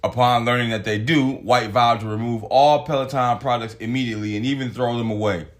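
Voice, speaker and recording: A man hosting a solo podcast, talking casually with lots of swearing and reading articles aloud in an animated way. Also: mid-range voice, a little fast. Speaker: podcast host.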